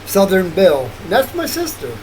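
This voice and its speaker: A man's voice: high-pitched, wildly swooping pitch, moderate pace, darkish tone, a little hiss or hum, rough recording. An older man rambling through a late-night monologue, wandering from thought to thought and laughing often. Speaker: vlogger.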